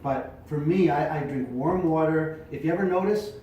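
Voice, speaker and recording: Chatty pastor in an echoey room. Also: male voice, fairly high pitch, normal speed, warm tone, dull audio. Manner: casual, chatty, demonstrates projecting from the diaphragm. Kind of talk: informal teaching talk to preachers. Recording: echoey room, mic at a distance, faint noise.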